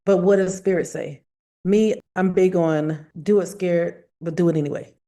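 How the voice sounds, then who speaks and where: A woman, a psychic medium, talking in an animated, emphatic way, repeating phrases for effect. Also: fairly low pitch, moderate pace. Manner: emphatic, repeats phrases, acts out quoted voices. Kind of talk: animated storytelling in conversation.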